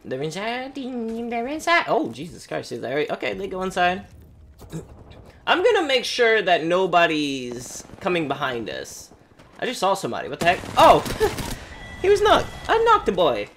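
Male gaming streamer, high voice that swings widely, playful taunting commentary, faint clicks in the background. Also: measured pace, a little hiss or hum. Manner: animated, taunts enemies, talks to himself. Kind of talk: live gameplay commentary.

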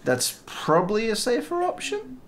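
A man's voice: sits high, wildly swooping pitch, normal speed, a little hiss or hum. A young man chatting dryly and swearing casually while watching a friend play a game. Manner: dry, wry, swears casually. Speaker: co-host. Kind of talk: casual gameplay chat.

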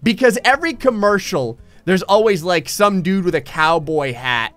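A young man hosting casual gameplay commentary, telling rambling, animated stories while he plays. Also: high-pitched, moderate pace, faint music behind. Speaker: gaming channel host.

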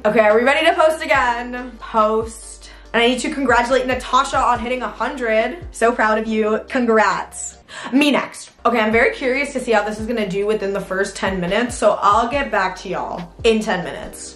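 A woman in her twenties chatting casually in a vlog, bubbly and excitable, quick to squeal. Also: fairly high pitch, roomy sound, soft background music. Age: 20s. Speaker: video editor vlogger.

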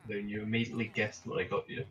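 A middle-aged man, the streamer's father, speaking curtly and deadpan from across the room at home. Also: fairly low pitch, racing, muffled recording. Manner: curt, deadpan. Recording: distant voice over noise.

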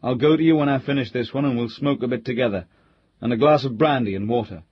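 A man doing a gruff, blustery country squire. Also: medium pitch, quick pace, no echo, highs cut off. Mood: coaxing. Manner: blunt, coaxing country speech.

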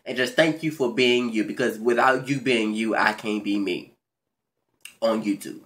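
A man hosting his own video channel, giving a casual, profane, animated recap of a reality show, with big jumps in pitch and loudness and excited stammers. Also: normal speed. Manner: stammers and restarts when excited. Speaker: YouTube show recap host.

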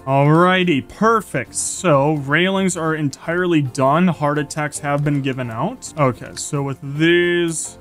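Guy rambling thru his minecraft build, kinda high voice, gets jumpy and excited, music in the back. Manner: chatty self-talk, excitable, bursts of panic. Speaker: gaming YouTuber. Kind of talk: Minecraft gameplay commentary. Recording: background music under voice.

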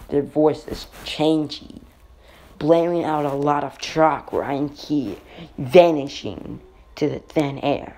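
A slow, rambling male storyteller with a dark, gravelly voice, making up a fan-fiction story as he goes. He pauses often and stumbles over words. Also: a little high. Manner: halting, rambling delivery with slips. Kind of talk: improvised fan-fiction narration.

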